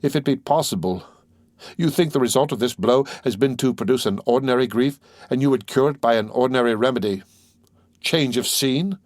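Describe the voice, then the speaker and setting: A heartbroken young man, desperate and pleading, his words full of impassioned anguish, as a male audiobook reader puts him on. The sound is dry and close, at a middling male pitch. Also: fairly quick, a little mellow, dry recording, natural voice.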